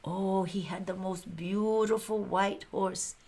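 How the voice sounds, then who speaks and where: A woman storyteller playing a plainspoken Chinese American pioneer woman with a Chinese accent, breathy and quick to laugh, chatting straight to her audience. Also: mid-range voice, fairly even intonation, darkish tone. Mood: gentle. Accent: Chinese-accented English. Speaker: storyteller in character. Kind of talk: first-person historical character monologue.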